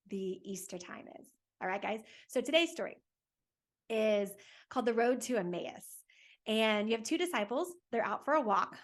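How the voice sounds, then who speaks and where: A woman tells a Bible story to children and families in an animated, chatty way, stopping to ask her listeners questions. Her voice is mid-pitched with a gravelly, creaky texture. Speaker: catechist host for families.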